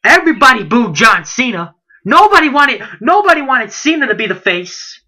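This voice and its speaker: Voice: medium pitch, sing-song, moderate pace, sharp tone. A late-teen wrestling vlogger in a heated, indignant rant, firing off rhetorical questions and repeating himself. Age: late teens.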